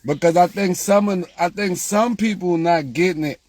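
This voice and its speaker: Man, casual vlog talk, exasperated, repetitive, higher voice. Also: normal speed, darkish tone. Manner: repetitive, exasperated, rises when quoting viewers. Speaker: lottery tips creator.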